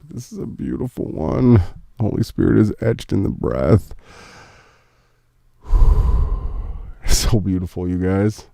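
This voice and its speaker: Man, morning show host, earnest, emotional, dry close sound, warm dark tone. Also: on the low side, animated, moderate pace, vocal fry, no echo. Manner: earnest and emotional, speaks of faith. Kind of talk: casual live-stream chat reading memes.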